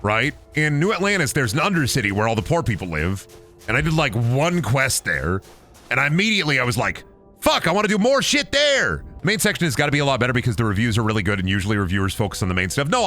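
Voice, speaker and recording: A man's voice: on the low side, fast, faint music behind. A man streaming a game, ranting and rambling with plenty of swearing as he plays. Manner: profane, rambling, animated ranting. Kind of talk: casual gameplay commentary.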